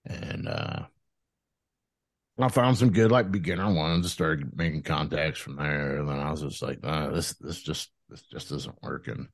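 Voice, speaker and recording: Thirties male guest, low-pitched, animated and profane, restarts often, dry recording. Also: a little slow, creaky, no room sound. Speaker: podcast guest. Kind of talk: casual storytelling interview.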